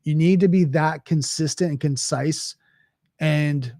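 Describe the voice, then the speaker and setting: A man's voice: on the high side, unhurried, gravelly, warm tone, no room sound, clean studio sound. A man hosting a podcast, talking in a casual, conversational monologue with frequent restarts and "right?" asides. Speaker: podcast host.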